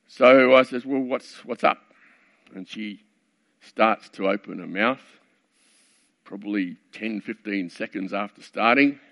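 A man's voice: fairly low pitch, gravelly, sharp tone. A middle-aged man preaching, telling a story from his working life in a conversational, wry way with many asides. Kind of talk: storytelling sermon. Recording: dull lo-fi recording.

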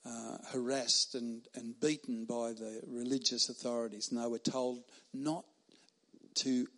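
Middle-aged male chaplain preaching, earnest and emphatic, pauses for effect, mid-pitched voice. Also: flat delivery, a bit bright. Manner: earnest, emphatic, with pauses and laughs at his own stories. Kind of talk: sermon.

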